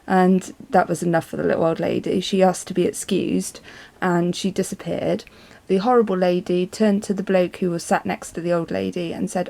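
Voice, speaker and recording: A woman's voice: lowish voice, little pitch movement, moderate pace, gravelly, mellow. A woman, telling a rambling, chatty story in a casual vlog. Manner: chatty and rambling, many ums. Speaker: vlogger.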